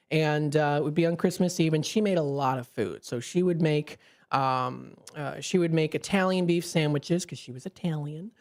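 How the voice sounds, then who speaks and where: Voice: mid-range voice, darkish tone. A local radio host talks on a live call-in show. The delivery rambles and restarts, full of fillers, and is picked up close on a studio microphone.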